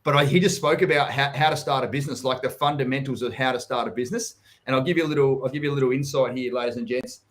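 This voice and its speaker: A man's voice: mid-range voice, steady tone, very fast, few pauses, fairly bright tone. A man in his thirties with an Australian accent, hosting a live property chat in a casual, blunt way and swearing freely. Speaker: host, property coach.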